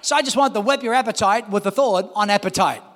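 A man in his fifties preaches to his congregation, his voice pitched unusually high. He builds into shouts and keeps calling out to the room for responses. The sound rings with the long reverb of a large church hall. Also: fast talker. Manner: impassioned, rising to shouts, calls to the congregation. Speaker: pastor. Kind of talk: sermon.

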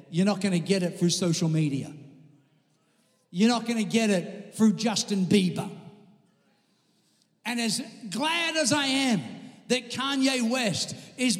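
A man from Australia, preaching a sermon emphatically to a congregation and calling out for amens. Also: high voice. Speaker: pastor. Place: church sanctuary. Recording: long reverb of a large hall.

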